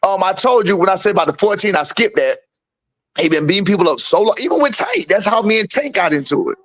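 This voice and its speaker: A man's voice: fast talker, rough recording. A middle-aged man casually telling stories in slang, acting out the voices of the people in them. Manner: animated, acts out quotes with big pitch jumps; street slang, repeats "you feel what I'm saying". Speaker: guest storyteller, boxing father. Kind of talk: casual storytelling chat.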